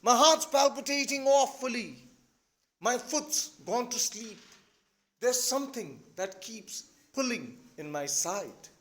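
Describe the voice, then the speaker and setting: Man reading a fretful sickly young guy, whiny, kinda high. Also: animated, slow pace, a bit bright, exaggerated voice. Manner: fretful, complaining. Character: nervous, hypochondriac young male landowner suitor.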